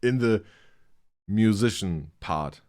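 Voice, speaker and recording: A man with a German accent, a native German speaker, hosting a reaction video in casual commentary, halting and restarting his sentences as he searches for words. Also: fairly low pitch, animated, darkish tone, no echo, studio quality. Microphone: studio dynamic microphone.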